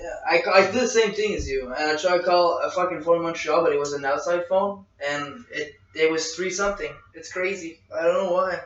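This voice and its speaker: A man chatting casually, reacting quickly and swearing freely. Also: on the high side, a bit bright. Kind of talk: casual chat. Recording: echoey, distant, lo-fi mic with faint noise.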